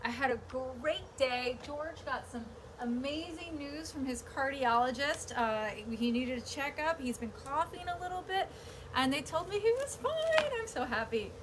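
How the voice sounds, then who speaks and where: A woman's voice: high-pitched, lively intonation, unhurried. A young woman chatting casually on a live stream while painting, mocking herself and talking to her dog and her viewers. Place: outdoors at home. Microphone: handheld phone camera. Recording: faint background noise.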